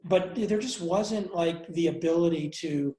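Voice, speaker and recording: A man interviewed as a guest, telling a personal story candidly with many pauses, fillers and restarts, and some blunt swearing. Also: fairly high pitch, dark tone, roomy sound, poor audio. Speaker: interview guest, entrepreneur and investor.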